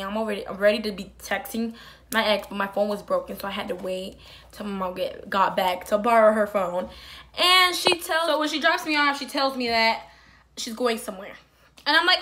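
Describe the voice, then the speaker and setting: A young woman casually telling a personal story, acting out the quotes with big swings from loud to hushed. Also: fairly high pitch, moderate pace.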